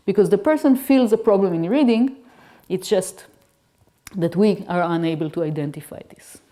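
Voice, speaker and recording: Woman, guest lecturer, native Hebrew speaker, mellow tone, academic lecture, patient explaining. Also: mid-range voice. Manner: explanatory, frequent restarts and checks with "Okay?". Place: lecture hall.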